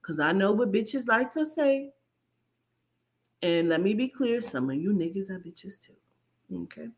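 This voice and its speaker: A woman's voice: medium pitch, expressive, a little slow, a little mellow. A woman, delivering brash, profane, mocking reaction commentary as a host. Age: 40s.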